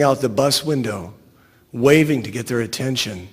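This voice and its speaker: A man's voice: medium pitch, moderate pace, gravelly, breathy edge. Man reading a story in a hall. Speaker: author reading his story. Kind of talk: reading a short story aloud.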